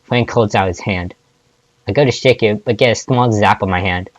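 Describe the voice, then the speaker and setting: A man's voice: lowish voice, moderate pace, no room sound, highs cut off. A man reading fan fiction aloud, often stumbling and restarting words. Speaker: fanfic reader.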